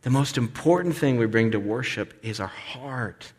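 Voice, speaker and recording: Male pastor, mid-pitched voice, animated sermon delivery, long hall reverb. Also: normal speed, husky. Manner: animated, acts out voices of complaining people.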